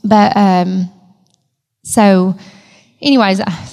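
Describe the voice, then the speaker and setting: A woman's voice: medium pitch, steady tone, very slow, vocal fry, a little mellow, big-room sound, highs cut off. A woman sharing an emotional personal testimony in a storytelling manner. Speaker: church member giving testimony.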